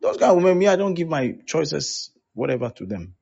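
A man's voice: fairly high pitch, big pitch swings, moderate pace, gravelly, a little mellow, husky, dull audio. A man preaching as a pastor, acting out both sides of the conversations he recounts. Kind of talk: sermon.

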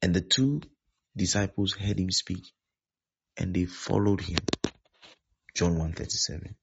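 Preaching in a husky, gravelly and very low voice, this male pastor goes over his points again and again, asking if the congregation is following along. His intonation stays fairly even and his pace is a little slow. The audio is dull and lo-fi, with a little hiss or hum.

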